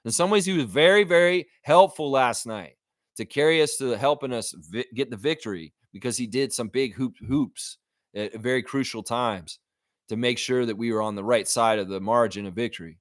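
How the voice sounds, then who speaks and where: A man hosting a casual sports livestream, reading chat and breaking into animated, profane rants. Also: medium pitch, moderate pace, dry recording, clean studio sound. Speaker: livestream host.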